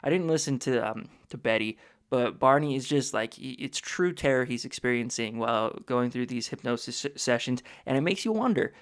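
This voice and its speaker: A man's voice: medium pitch, lively intonation, a little fast, hardly any pauses. Easygoing man in casual podcast chat. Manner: jokey, acts out quotes. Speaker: podcast co-host. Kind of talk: casual book-club chat.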